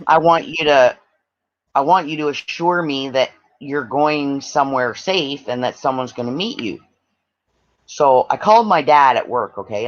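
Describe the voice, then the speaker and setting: A man from Canada telling a long personal story in casual chat, acting out what others said. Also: fairly high pitch. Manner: animated, acts out quoted voices. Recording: dull lo-fi audio.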